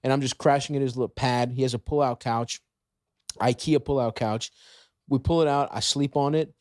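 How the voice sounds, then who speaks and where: A male comedian guesting on a podcast, telling a self-deprecating story in rapid bursts, laughing at himself. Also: medium pitch, steady tone, no echo, studio quality. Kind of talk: comic storytelling.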